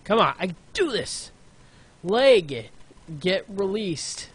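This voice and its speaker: A man's voice: sits high, sing-song, slow, husky. A man giving frustrated, exclamatory commentary while playing a video game. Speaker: gaming YouTuber. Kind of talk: let's play commentary.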